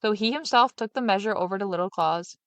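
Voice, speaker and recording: A woman reading a fairy tale aloud in steady, expressive narration. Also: medium pitch, fast, no echo, lo-fi sound. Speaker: storyteller.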